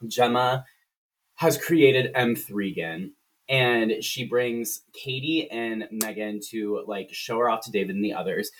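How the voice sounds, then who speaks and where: A man's voice: fairly low pitch, a little slow. A man co-hosting a podcast, recapping a film in a rambling, profane, casual way full of fillers. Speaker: podcast co-host. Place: room shared with co-host. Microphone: shared computer setup.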